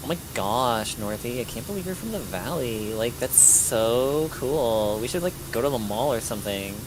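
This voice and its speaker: A man's voice: medium pitch, lively intonation, normal speed, natural voice. A man voicing a stereotypical young Valley Girl who gushes and says "like" a lot, over a hissing microphone. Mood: gushing. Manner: ditzy, lots of "like".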